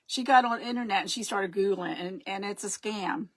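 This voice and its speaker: A woman's voice: medium pitch, brisk. A middle-aged woman hosting a casual live craft stream, rambling and chatty, often losing her words and greeting her viewers.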